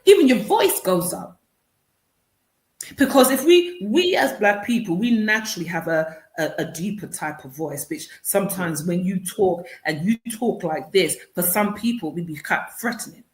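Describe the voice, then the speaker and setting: This woman, an author and consultant giving radio interview answers, has a lowish, expressive voice at a normal speed. She explains earnestly and frequently repeats words when beginning a thought over. The audio carries a roomy echo.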